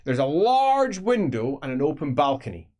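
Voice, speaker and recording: A man's voice: a little high, big pitch swings, moderate pace, a little mellow. A man narrating a tabletop fantasy game as game master, descriptive and casually swearing.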